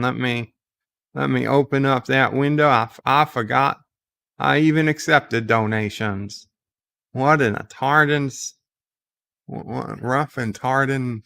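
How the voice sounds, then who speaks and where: Slow-talking gravelly man reading chat. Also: mid-range voice, sharp tone. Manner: reads viewer chat aloud and answers in a rambling, joking way. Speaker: livestream host. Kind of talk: casual livestream chat reading. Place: home.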